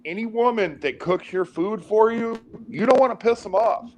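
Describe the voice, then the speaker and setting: A man's voice: high voice, moderate pace, darkish tone, slight background noise. A man on a casual stream, teasing and provoking his friends and laughing at his own jokes. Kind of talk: casual banter.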